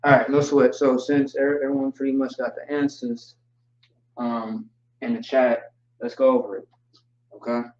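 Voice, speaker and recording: A man teaching a language class online, relaxed and joking, spelling words out slowly. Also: medium pitch. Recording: distant, roomy, dull mic sound.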